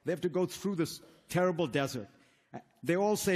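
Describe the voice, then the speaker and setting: A man who grew up in India argues earnestly in a formal debate, piling up points in rhetorical lists before a live audience in a large, echoey hall. His voice is on the high side and a little mellow, with lively intonation and a fairly quick pace.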